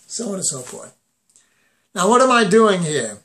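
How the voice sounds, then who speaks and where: A man's voice: high-pitched, big pitch swings, moderate pace, a bit bright. A man giving a voice lesson, explaining where he places the sound and breaking into sung phrases to demonstrate. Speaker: voice teacher.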